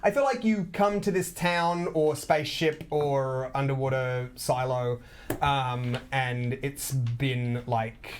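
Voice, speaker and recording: A woman's voice: extremely low pitch, takes it slowly, a little hiss or hum. A woman with an Australian accent, co-hosting a casual planning chat, rambling with fillers and laughing often. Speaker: podcast co-host leading game planning.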